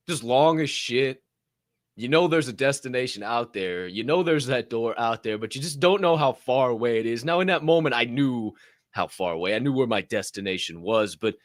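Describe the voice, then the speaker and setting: Animated, profane young man. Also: dry recording, studio quality. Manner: animated, profane, swings between loud outbursts and low asides. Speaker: podcast co-host. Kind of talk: motivational podcast monologue.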